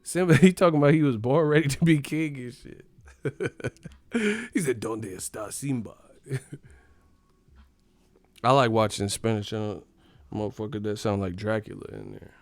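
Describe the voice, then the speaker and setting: Gravelly man, profane rambling stream chat. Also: medium pitch, moderate pace, pauses often, a little mellow, no room sound. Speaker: livestream host. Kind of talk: casual livestream chat.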